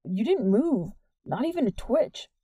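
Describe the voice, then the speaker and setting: An earnest, wordy teenage boy speaking softly and sincerely, read by a woman. The tone is very dark and mellow, with no hint of brightness. It sounds close and dry, like a storybook reading. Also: a little high, big pitch swings, a little slow, slightly rough, no room sound, pitched above the performer's own voice, exaggerated voice. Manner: soft, plain and sincere.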